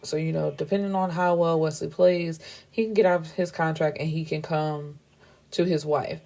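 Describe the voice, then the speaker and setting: A woman's voice: low voice, fairly even intonation, moderate pace, creaky, warm tone. A woman book reviewer casually recapping a novel's plot, chatty and gushing, with lines of dialogue retold in between.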